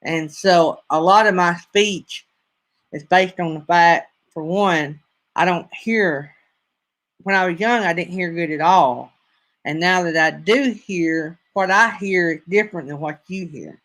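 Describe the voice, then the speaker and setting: A man's voice: high voice, measured pace, fairly bright tone. A man in his fifties from North Alabama with a Southern accent, rambling folksily in a casual live-stream chat with his viewers. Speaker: livestream host.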